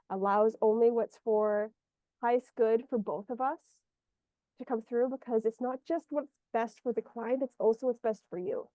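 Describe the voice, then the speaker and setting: A woman's voice: fairly high pitch, no echo. A woman energy healer guiding a client one-on-one, meandering and searching for her words aloud over a video call. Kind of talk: one-on-one guidance session. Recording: muffled lo-fi audio.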